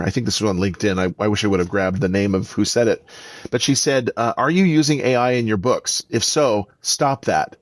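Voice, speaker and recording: Animated man, author on a podcast. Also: lowish voice, dry recording. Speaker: author and voice actor guest. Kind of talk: casual podcast interview.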